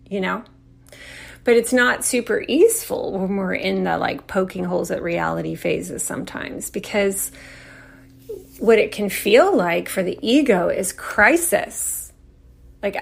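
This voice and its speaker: A woman's voice: mid-range voice, slow pace, gravelly, breathy edge. A woman hosting an astrology podcast, talking in a rambling, playful way with lots of "like" fillers. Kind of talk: casual solo talk.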